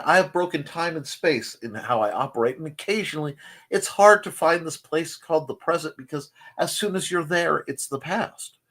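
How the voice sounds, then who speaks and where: A man's voice: medium pitch, fairly bright tone. Guy hosting a morning livestream, reading chat, rambly and jokey, voice bounces up and down a lot. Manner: rambling, self-deprecating, jokey asides. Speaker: host of a live morning show. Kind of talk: casual live-stream chat reading comments.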